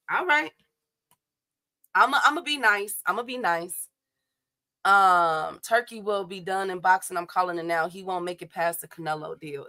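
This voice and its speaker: A young woman hosting a casual boxing livestream, talking straight to her chat viewers in a blunt, animated, slangy way. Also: mid-range voice.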